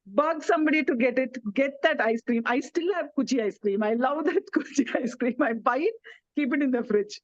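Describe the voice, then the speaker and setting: Woman from India, gentle wellness speaker, slightly high voice, dull video-call audio. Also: fairly quick, dry recording. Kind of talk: online talk to elders.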